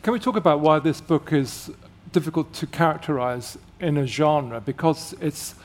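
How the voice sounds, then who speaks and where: A man with a fairly high speaking voice leads the interview. He is gentle and encouraging and keeps the talk going with frequent quiet affirmations. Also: normal speed. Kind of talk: conversational interview.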